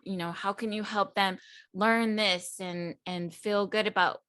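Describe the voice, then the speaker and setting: Woman, teacher, casual chat, bright tense tone, very dry sound, reflective, laughs often. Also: mid-range voice, steady tone, unhurried, no echo. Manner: reflective, laughs often, leans on "I feel like" and "right?". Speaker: guest, teacher and coach.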